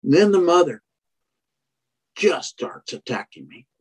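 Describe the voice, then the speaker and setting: Husky horse trainer telling a story. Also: male voice, fairly high pitch, sing-song, unhurried, a little mellow. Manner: rambling, with many restarts and "you know". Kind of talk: casual storytelling in conversation.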